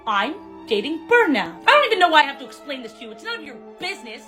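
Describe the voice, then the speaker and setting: Girl doing a fed up wife, high and snappy. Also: sing-song, quick pace, bright, forceful tone, faint music behind, full character voice. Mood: defensive.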